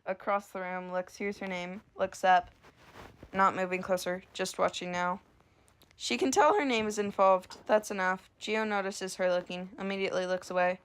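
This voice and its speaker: A woman reading a story she is writing out loud at home, in a casual, self-amused way. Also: medium pitch, steady tone, normal speed, clean tone. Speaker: amateur storyteller. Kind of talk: reading her own story aloud.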